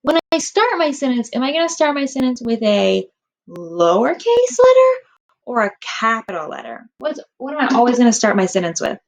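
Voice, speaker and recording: A woman's voice: a little high, very animated, normal speed. A woman teaching a kindergarten writing lesson, stretching out words and sounds for young children.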